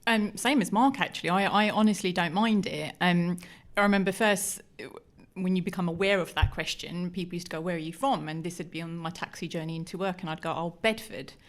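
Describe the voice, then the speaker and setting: A woman's voice: on the low side, a little fast. A woman from East London, a podcast guest, chatting frankly and acting out quoted exchanges as she speaks. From East London, England. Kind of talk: casual chat.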